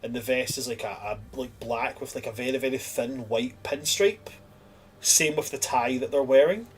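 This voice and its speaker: A man's voice: mid-range voice, moderate pace, recorded from a distance. A man narrating as game master of a tabletop game, rambling with many fillers.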